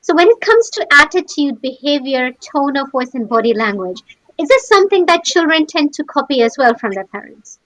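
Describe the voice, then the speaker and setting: A woman's voice: high-pitched, sing-song, fairly quick, a bit bright, no room sound, rough recording. A woman presenter asking questions in an interview, with brief affirming replies. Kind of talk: interview conversation.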